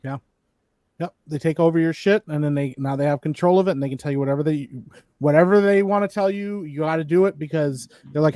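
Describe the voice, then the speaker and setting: Brief: fast, profane male co-host, slightly high voice, dry sound. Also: no echo. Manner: rapid, profane, animated ranting. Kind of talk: casual podcast chat.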